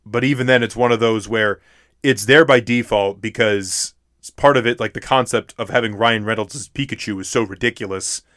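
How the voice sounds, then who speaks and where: A man's voice: on the low side, a little fast, a bit bright, no room sound, studio quality. Rambling laid-back podcast host man. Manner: rambling, self-interrupting, laughs often. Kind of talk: casual chat.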